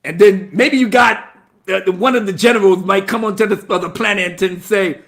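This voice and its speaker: High, lively, gravelly man mocking a film. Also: a little fast. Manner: animated, mocking, profane, bursts into laughter and mimicry. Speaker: movie reviewer. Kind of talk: casual spoken movie review.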